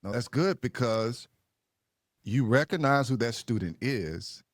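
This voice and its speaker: Man, podcast host, mid-pitched and affirming, dry studio sound. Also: lively intonation, measured pace, dry recording. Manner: reflective, affirming, laughs between points. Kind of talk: interview talk.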